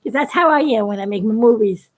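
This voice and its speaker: A woman's voice: fairly high pitch, quick pace. A woman chatting casually to her viewers, telling a story and laughing often. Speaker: YouTube cartoon maker.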